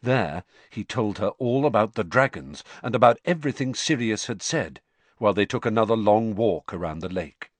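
Give me a male audiobook narrator with a lively, expressive delivery and a dry, close sound. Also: fairly low pitch, dry recording. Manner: expressive, varied storytelling delivery.

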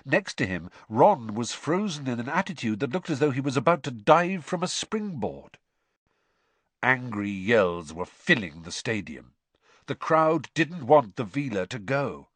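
A man reading a story aloud with a lively, expressive pitch that rises and falls through the narration. His voice is slightly husky, recorded close and dry. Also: a little slow, no echo. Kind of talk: audiobook narration.

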